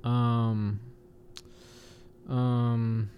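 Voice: medium pitch, flat delivery, extremely slow, highs cut off, a little hiss or hum. A young adult co-hosting a casual chat, laid-back and teasing. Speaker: podcast co-host.

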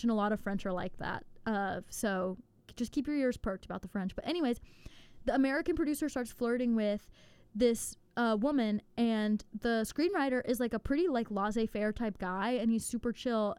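Young woman rambling about a movie on college radio, kinda high, smooth, dry booth sound. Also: no room sound. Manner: chatty, animated, filler-heavy. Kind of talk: casual chat, film review. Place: college radio station studio.

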